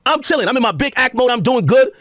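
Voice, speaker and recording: A man talks to his chat in a high, animated voice that rushes along. He mocks and swears, laughing between lines, and he says he is drunk. The sound is dry and close. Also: dry recording. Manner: profane, mocking, laughing. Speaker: livestreamer. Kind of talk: drunk rant on a livestream.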